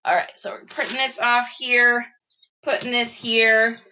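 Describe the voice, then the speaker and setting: A woman's voice: fairly high pitch, fairly even intonation, unhurried, pushed and bright, slight background noise. A woman from Texas with a mild Texan accent, hosting a casual reseller livestream and chatting straight to her viewers in an upbeat way. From Austin, Texas.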